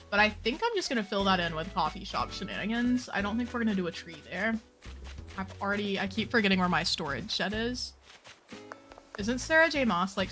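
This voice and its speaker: A woman live-streaming a game, chatting in a casual, playful way and tossing out blunt opinions between moves. Her voice sits at an ordinary pitch for a woman, and soft game music plays behind her.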